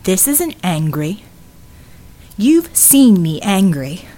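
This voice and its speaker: A woman doing a sharp-tongued retired cat burglar. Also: mid-range voice, animated, slow pace. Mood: menacing. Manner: biting, hostile.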